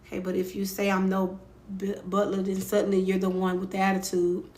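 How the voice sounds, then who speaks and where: A woman's voice: mid-range voice, monotone, a little fast, darkish tone, echoey room. A woman with a Louisiana accent hosting a livestream and giving advice in a blunt, sassy, profane way, often tagging on "right?". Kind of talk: casual livestream advice talk.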